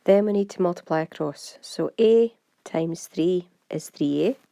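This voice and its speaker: Scottish woman, maths teacher, brisk and step-by-step, lowish mellow voice, dry close sound. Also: gravelly, no echo. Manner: brisk, step-by-step, talks to students directly. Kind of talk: exam walkthrough lesson.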